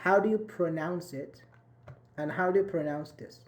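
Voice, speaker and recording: A man's voice: a little high, moderate pace. Encouraging man teaching English online. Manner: encouraging, repeats and rephrases points. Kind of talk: live online grammar class.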